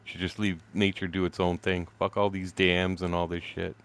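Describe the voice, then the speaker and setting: Older canadian man, sixties, lowish voice, rambling, swears a lot, laughs between stories. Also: flat delivery, moderate pace, fairly bright tone. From southern Ontario, Canada. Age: 60s. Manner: profane, rambling, laughs often. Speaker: gaming streamer. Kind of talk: casual storytelling while gaming.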